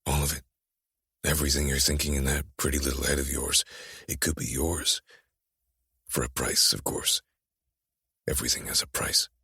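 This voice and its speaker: A brooding, possessive young man, voiced by a man in a dark romance audiobook, murmuring low with teasing menace. His voice is extremely deep and gravelly, with a husky edge and a bright bite. The sound is dry and close. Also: level tone, moderate pace, long pauses, no echo, full character voice. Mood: menacing, teasing.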